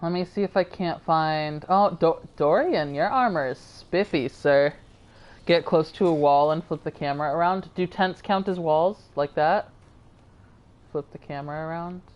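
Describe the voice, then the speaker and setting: A woman's voice: sits low, normal speed, darkish tone, dull audio. A tired woman streamer chatting casually and rambling to her viewers while she plays a game. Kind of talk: casual live-stream chat.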